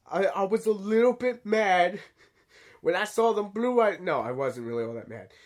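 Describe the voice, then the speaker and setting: A man hosting his own channel, giving a rambling opinion monologue, animated and swearing casually. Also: high-pitched. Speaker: channel host.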